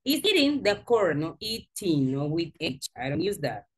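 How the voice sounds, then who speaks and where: Lively woman teaching English. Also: on the low side, husky. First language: Spanish. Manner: slow, patient explaining with lively emphasis. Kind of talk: online grammar lesson. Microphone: video call.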